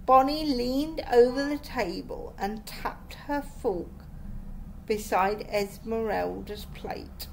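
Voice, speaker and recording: A mother reading a children's chapter book aloud to her children, with slow, expressive storytelling. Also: fairly high pitch, vocal fry, slight background noise.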